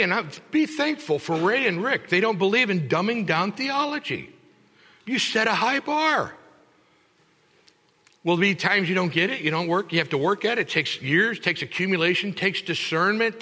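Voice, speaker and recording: A man preaching a sermon in church, teaching with animated emphasis and acting out congregants in voices. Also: high-pitched, big-room sound. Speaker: pastor.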